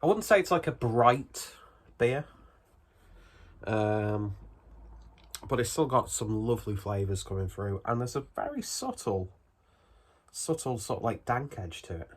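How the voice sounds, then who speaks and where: A man's voice: medium pitch, lively intonation, a little slow, pauses often, breathy edge. A man, still out of breath from a cold, chatting his way through a casual beer review at home in a rambling, self-deprecating manner.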